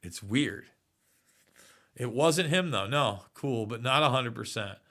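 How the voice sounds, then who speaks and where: Host, forties, male, bright forceful tone, loose chatty delivery, reads chat aloud. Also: medium pitch, lively intonation, slow. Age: 40s. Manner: rambling, reads viewer comments aloud. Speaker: livestream host. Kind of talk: casual live chat.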